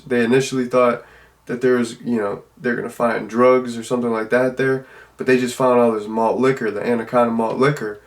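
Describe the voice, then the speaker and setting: Rambling man reviewing a film. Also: mid-range voice. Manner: rambling, loose and conversational. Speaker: movie reviewer. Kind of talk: casual spoken film review.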